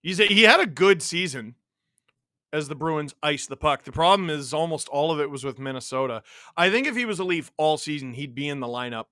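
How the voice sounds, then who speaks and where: A man from Canada hosting a live hockey watch-along, mixing excited play-by-play with reading chat messages and shouting on big plays. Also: a little high, fairly quick, no echo, studio quality. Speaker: livestream host watching a hockey game.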